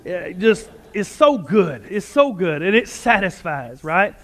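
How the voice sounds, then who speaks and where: A man preaching a sermon as pastor, energetic and quick, with joking asides. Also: high voice. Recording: long hall reverb.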